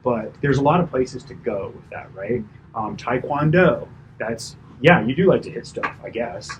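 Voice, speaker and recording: A man working as a personal trainer, giving a chatty, animated debrief after a client session, full of fillers and asides. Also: medium pitch, normal speed, slight background noise, low-quality recording. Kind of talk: casual coaching debrief.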